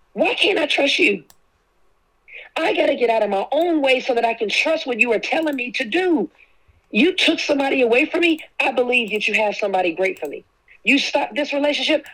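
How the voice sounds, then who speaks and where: A woman's voice: high voice, fairly bright tone, poor audio. A woman giving a preaching-style faith talk, emphatic, repeating key phrases and speaking prayers aloud.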